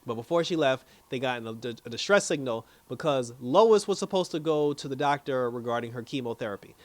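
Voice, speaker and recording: A man giving a chatty, animated recap and review of a TV episode, often restarting his sentences. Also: medium pitch, fairly quick, dry recording.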